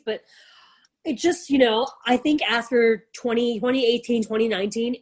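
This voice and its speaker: A woman chatting casually as a guest, her voice slightly high and husky. She giggles a lot and acts out the people in her stories. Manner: giggly, animated storyteller. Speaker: podcast guest, influencer. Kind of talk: casual chat.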